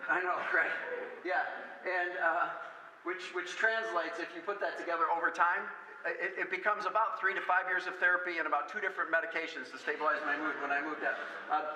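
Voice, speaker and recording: A man from Michigan speaking at a school parent meeting, telling jokey stories in an animated way. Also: sits high, a little hiss or hum, poor audio. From Michigan, USA. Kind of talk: lively talk with stories.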